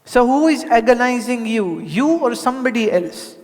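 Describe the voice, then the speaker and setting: Long reverb fills the large hall where an Indian woman, a spiritual teacher, speaks to an audience in an animated, slightly mellow voice on the high side. At a moderate pace she talks conversationally, poses rhetorical questions, and performs the voices of people she quotes.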